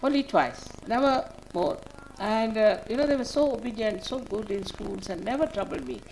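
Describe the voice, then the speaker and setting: A woman's voice: mid-range voice, moderate pace, darkish tone, slight background noise, low-quality recording. An older woman, a spiritual teacher, giving a spoken talk to a gathering in a motherly, scolding way, often repeating short commands.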